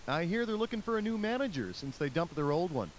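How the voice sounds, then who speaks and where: A man's voice: sits high, big pitch swings, quick pace. An actor playing a wisecracking, sarcastic male game show host in a quiz video game. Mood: snarky. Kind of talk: scripted quiz game hosting. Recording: loud game music behind.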